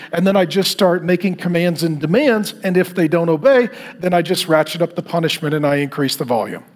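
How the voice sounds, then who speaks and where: A middle-aged man preaching to a men's group, telling stories and acting out the people in them with asides to the group. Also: a little high. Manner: animated storytelling, acting out quotes with asides to the group. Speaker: pastor leading a men's group. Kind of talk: sermon.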